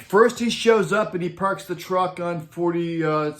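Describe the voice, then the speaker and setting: A middle-aged man telling a casual comedic anecdote about his work, chuckling often and acting out quoted lines in animated voices. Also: sits high, measured pace. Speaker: storyteller recounting road crew tales.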